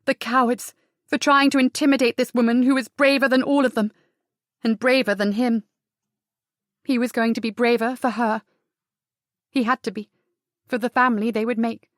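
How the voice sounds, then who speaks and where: A woman narrating a historical romance audiobook, in a measured, even reading with the dialogue softened. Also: on the high side, no room sound, studio quality. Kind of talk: scripted narration.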